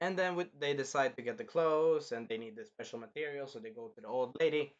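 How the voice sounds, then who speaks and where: A man hosting a casual anime review, rambling and animated, swearing freely as he recaps an episode. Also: mid-range voice, quick pace, highs cut off. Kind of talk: casual chat.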